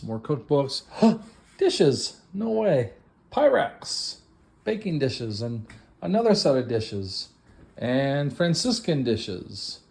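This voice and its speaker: A man giving a playful, self-mocking walk-through of a house set up for an estate sale, breaking into excited exclamations. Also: mid-range voice. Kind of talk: walk-through tour narration.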